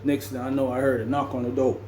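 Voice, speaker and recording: A man's voice: mid-range voice, flat delivery, quick pace, mellow, a little hiss or hum. A man from Jamaica telling a story in a slangy, loose, rambling conversational way. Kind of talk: casual storytelling.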